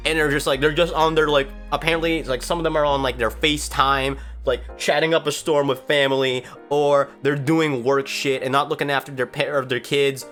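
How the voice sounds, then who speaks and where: A woman's voice: low-pitched, steady tone, a little fast, hardly any pauses, a bit bright, faint music behind. A woman telling a story in a casual vlog, rambling and swearing with exasperated outbursts. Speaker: storytime vlogger.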